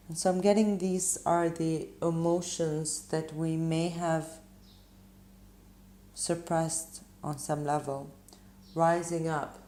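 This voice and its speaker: A woman giving a spiritual tarot reading, musing gently and pausing often with ums as she talks. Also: low voice, fairly even intonation, roomy sound. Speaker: tarot reader.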